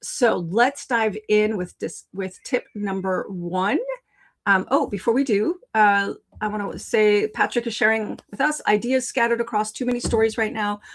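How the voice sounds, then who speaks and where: A woman's voice: medium pitch, moderate pace, poor audio. Chatty woman teaching on a live stream. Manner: chatty, addresses viewers in the chat. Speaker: writing coach and live show host.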